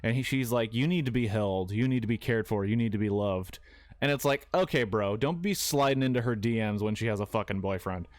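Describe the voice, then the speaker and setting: A young man casually retelling a movie for laughs, swearing freely and jumping into quick voices for the characters. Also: on the low side, no room sound. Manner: loose and profane, acting out characters in quick quoted voices. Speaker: streamer retelling a film. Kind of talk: casual comedic movie recap.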